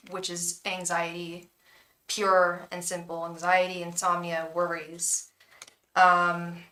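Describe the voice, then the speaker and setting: An American woman giving a live tarot reading who chats warmly with viewers and chants repeated invocations to her guides. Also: on the low side, distant mic, rough recording. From United States. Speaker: tarot reader and psychic.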